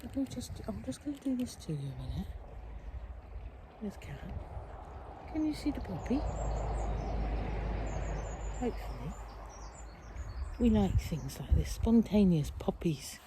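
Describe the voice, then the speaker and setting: A woman narrates a casual early-morning walk-around on her phone, talking in a hushed, half-whispering way. Her voice sits at a middle pitch and stays chatty and fond. The handheld phone recording is noisy, with birdsong and distant traffic behind her. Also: big pitch swings, unhurried, pauses often. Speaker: quilting vlogger. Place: outdoor garden, then an indoor cupboard. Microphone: handheld phone camera.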